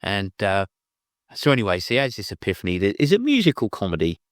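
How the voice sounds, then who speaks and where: A man's voice: lowish voice, wildly swooping pitch, racing, no echo, clean studio sound. A man reviewing a film, retelling the plot in a rambling, casual way with many restarts.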